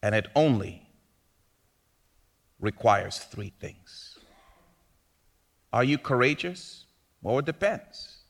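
A man preaching a sermon in a conversational way, asking rhetorical questions and swinging from hushed lines to loud bursts. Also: medium pitch, expressive, slow, creaky, pauses often. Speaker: pastor.

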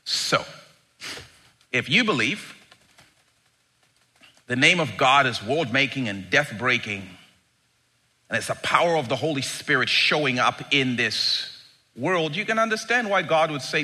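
A middle-aged man preaching a sermon, dramatic and emphatic, moving between quiet asides and loud bursts. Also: mid-range voice, animated, measured pace, long pauses. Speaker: pastor.

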